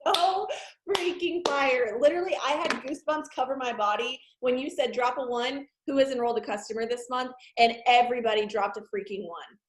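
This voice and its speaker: A woman co-hosting a sales team call, chatting excitedly and laughing as she gushes. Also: high voice, brisk, echoey room. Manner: excited, gushing, laughs often. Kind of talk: casual enthusiastic chat.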